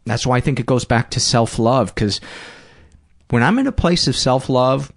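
A man hosting a podcast, talking in a calm, reflective way. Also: medium pitch, normal speed, gravelly. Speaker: podcast host. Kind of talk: conversational interview.

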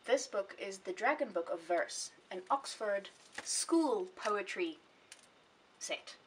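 A woman's voice: medium pitch, lively intonation, takes it slowly. A young woman vlogging about her books in a rambling, chatty way, often correcting herself mid-sentence. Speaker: book vlogger. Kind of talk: casual chat. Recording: voice a bit distant from the mic, faint hiss.

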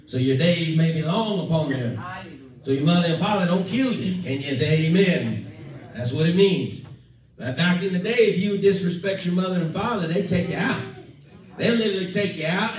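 A male pastor preaching an emphatic sermon, calling for amens and acting out quoted voices. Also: a little high. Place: church sanctuary. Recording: echoey church from far off.

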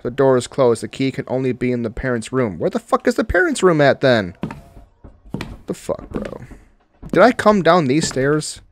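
A man's voice: mid-range voice, expressive, moderate pace, a little hiss or hum. A young man hosting a gaming channel, swearing and grumbling to himself while he plays a horror game. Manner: profane, exasperated, talking to himself. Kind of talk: casual horror game commentary.

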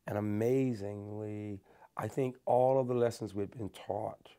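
A man's voice: lowish voice, measured pace, clear, resonant tone. Earnest older man with a lilt. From Alabama, USA. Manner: earnest and animated, lifts his voice for emphasis then drops it. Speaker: interviewee. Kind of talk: reflective personal storytelling.

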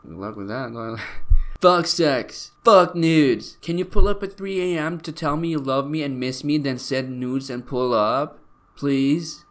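A man's voice: mid-range voice, measured pace, fairly bright tone. A man hosting a video, reading tweets aloud and mocking them with sarcastic comments and frequent laughter. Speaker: video host.

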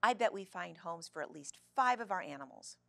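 A woman reading the lines of an eager, chatty young girl who loves animals, in a bright and eager way. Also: lowish voice, animated, a little fast, gravelly, no echo, full character voice.

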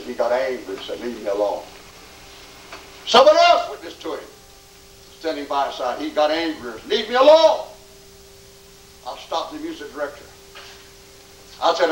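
Male tent revival preacher, high and fervent, shouts then hushes, caught from far off in an echoey tent. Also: slight background noise. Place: large tent meeting. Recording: echoey, distant, faint ambience.

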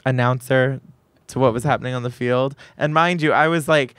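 A man's voice: medium pitch, steady tone, fairly quick, a bit bright, clear, resonant tone, dry recording. A young man hosting a podcast, chatting in a campy, gossipy, profane way. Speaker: podcast host. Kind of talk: casual chat.

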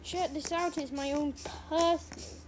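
A woman giving excitable gameplay commentary, often repeating panicked exclamations. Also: high-pitched, moderate pace. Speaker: gamer. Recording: loud background noise.

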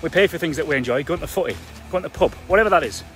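A man's voice: on the high side, lively intonation, racing, fairly bright tone, soft background music. A man giving a blunt, emphatic live-stream coaching talk to property investors, chatty and full of fillers. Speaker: construction trainer for property investors.

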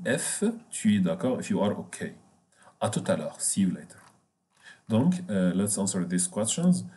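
A man teaching a French lesson in English, repeating key words and pausing on fillers as he explains. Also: lowish voice, dark tone. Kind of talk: bilingual language lesson.

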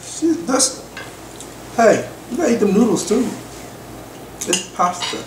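Teasing mom at a family meal. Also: female voice, lively intonation, unhurried. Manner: teasing, playful, low-key. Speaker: parent hosting a family mukbang. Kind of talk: casual family chat while eating. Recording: roomy home recording from a distance with noise.

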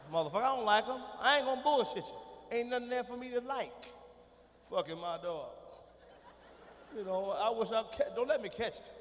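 A middle-aged man doing a profane stand-up comedy routine on a big arena stage, dropping from low muttering to shouting. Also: animated, fairly quick, a little hiss or hum. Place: large arena stage with audience. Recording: live hall recording with reverb.

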